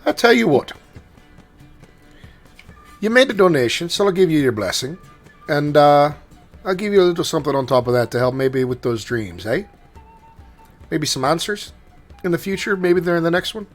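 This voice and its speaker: A man voicing a tiny, elderly, motherly halfling priestess in a high voice and a put-on Irish accent that slides into Jamaican, doting on people as dearie and love. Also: very animated, moderate pace, long pauses, soft background music. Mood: kindly. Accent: put-on Irish drifting into Jamaican.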